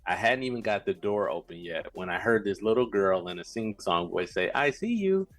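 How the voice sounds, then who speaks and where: A man co-hosting a podcast, telling a story in a rambling, animated way. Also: deep voice, a little fast, no echo, soft background music. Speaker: podcast co-host. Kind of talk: casual chat, telling a story.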